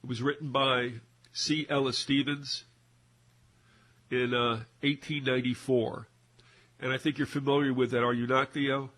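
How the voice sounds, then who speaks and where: A man's voice: medium pitch, flat delivery, normal speed, pauses often, a bit bright. Rambling man co-hosting a talk show. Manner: rambling, many fillers and restarts. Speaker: co-host. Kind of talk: casual talk radio discussion.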